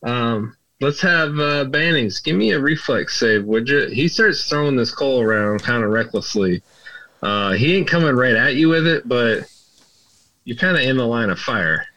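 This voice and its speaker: A man narrating a tabletop game as dungeon master in a relaxed, rambling way. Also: mid-range voice, normal speed, no echo. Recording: dull, lo-fi audio.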